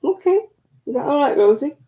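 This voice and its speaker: A woman's voice: high-pitched, sing-song, brisk, dark tone, dull audio. A woman hosting a crafting livestream, chatting casually with viewers and grumbling about television. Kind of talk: casual chat with viewers while crocheting.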